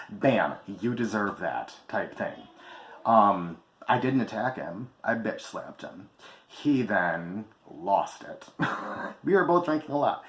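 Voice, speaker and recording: Candid man telling a story, roomy echo. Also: fairly low pitch. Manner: candid, emphatic, swears freely. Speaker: vlogger. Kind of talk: personal storytime vlog. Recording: echoey room with faint ambience.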